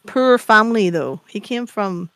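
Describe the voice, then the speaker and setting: A woman's voice: mid-range voice, expressive, unhurried, a bit bright, smooth, dry recording. A woman co-hosting a podcast over a video call, chatty and opinionated, explaining things with gusto. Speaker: podcast co-host. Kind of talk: casual chat.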